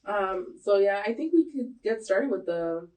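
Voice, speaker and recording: A woman's voice: mid-range voice, animated, unhurried, a little mellow. A woman in her thirties chats casually as a podcast co-host. She rambles through fillers and laughs often. Her mid-range voice comes from a distance from the mic. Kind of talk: casual chat.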